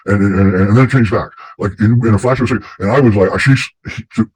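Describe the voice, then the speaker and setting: Host, male, husky and low, rambles fast through stories. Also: a little mellow, no room sound, poor audio. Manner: rambling storyteller, many restarts. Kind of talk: casual conversation.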